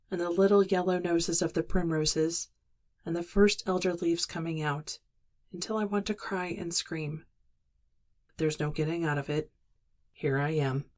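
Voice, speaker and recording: A woman's voice: fairly low pitch, darkish tone, lightly acted. A woman reading a weary, regretful young woman. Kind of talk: audiobook dialogue reading.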